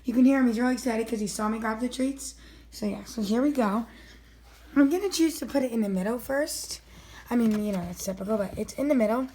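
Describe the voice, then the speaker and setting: A woman with a high, bright voice chats casually through a home video, explaining things to her viewers and then coaxing her dog with eager, sing-song encouragement. She talks indoors at home, with a faint hiss of noise behind her. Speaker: vlogger filming her dog.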